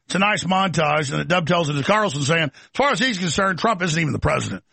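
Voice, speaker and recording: A man's voice: a little high, lively intonation, creaky, sharp tone, slightly rough, no echo. A man hosting a talk show, delivering an emphatic, mocking ranting monologue. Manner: emphatic, rapid-fire, mocking.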